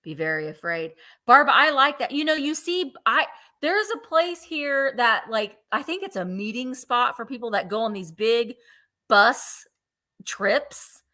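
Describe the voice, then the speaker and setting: A woman's voice: sits high, a little slow, bright, forceful tone. A woman hosting a live vintage sale, chatting playfully and counting down bids. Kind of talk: live auction selling chat.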